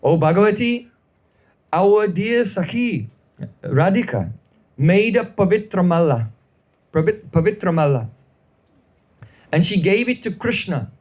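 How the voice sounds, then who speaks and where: A man's voice: high voice, big pitch swings, a little slow, pauses often, a little mellow, heavily acted. A man voicing an anxious, loyal young woman in a devotional story, speaking in worried, pleading tones. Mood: distressed.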